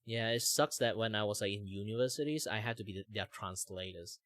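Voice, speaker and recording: Ein junger Mann mit malaysischem Akzent, der im lockeren Plauderton abschweift, oft „like“ einstreut und lebhaft Stimmen nachmacht. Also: male voice, on the low side, fairly quick, no echo, clean studio sound. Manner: rambling, many "like" fillers, animated impressions. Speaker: streamer host. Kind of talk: casual chat while drawing.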